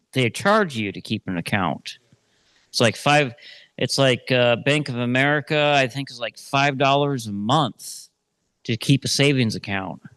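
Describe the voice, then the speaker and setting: A man's voice: mid-range voice, fairly bright tone, clean tone, no room sound. A man leading a class, talking casually and often repeating himself. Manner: conversational, repeats himself with fillers. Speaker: class teacher.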